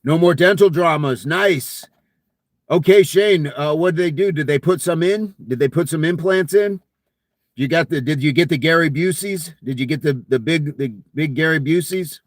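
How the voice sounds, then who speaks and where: A man's voice: a little high, moderate pace, dry recording, clean studio sound. A man hosting a casual fitness live stream, reading viewer comments aloud in a jokey, friendly way and laughing often.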